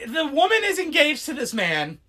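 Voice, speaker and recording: A woman's voice: high-pitched, huge pitch swings, moderate pace, a crowd in the background. A woman co-hosting a podcast, chatting casually and rambling with plenty of fillers and laughter. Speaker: podcast co-host. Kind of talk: casual chat.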